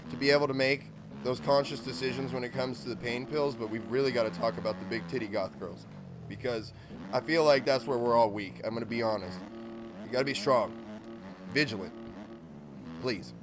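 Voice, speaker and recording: A man's voice: mid-range voice, brisk. A man live-streaming a motocross game, chatting loosely and swearing, rambling with lots of "like" and "dude". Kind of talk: casual live-stream chat while gaming. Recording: motorbike game engine noise behind.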